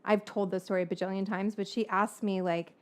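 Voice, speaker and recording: A woman's voice: mid-range voice, little pitch movement, a little fast. A woman from the Bay Area chatting casually while she cooks, rambling, frank, and swearing freely as she drifts between tangents. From San Francisco Bay Area. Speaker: cookbook author and cooking host. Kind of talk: casual chat while cooking.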